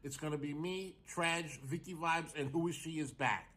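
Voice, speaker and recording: A man with a high, sharp and bright voice talks straight into the camera in a chatty vlog. He addresses his viewers directly and stretches out his words. His delivery is loose and conversational. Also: normal speed. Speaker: vlogger. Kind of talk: casual vlog announcement.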